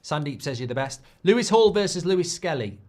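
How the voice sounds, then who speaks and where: A man's voice: a little high, very animated, fairly quick, darkish tone. A man hosting a live football watchalong, chatting casually and reading out viewer messages between comments on the match. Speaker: football livestream host.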